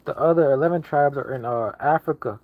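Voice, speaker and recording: A man's voice: medium pitch, a little fast, phone-quality sound. A man giving a casual online sermon, preaching emphatically and repeating himself as he builds each point. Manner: repetitive, emphatic preaching with restarts. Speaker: lay preacher.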